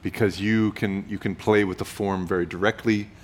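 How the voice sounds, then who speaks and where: A man's voice: fairly low pitch, steady tone, moderate pace. A man in his thirties or forties, an author guest talking reflectively and playfully in an interview, acting out quotes as he goes. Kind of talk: conversational interview.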